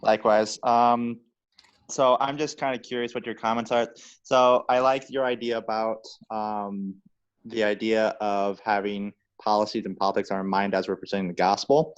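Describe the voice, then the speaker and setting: Guy on a call asking a question, kinda hesitant, smooth low voice, muffled audio. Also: little pitch movement, normal speed. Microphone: video call.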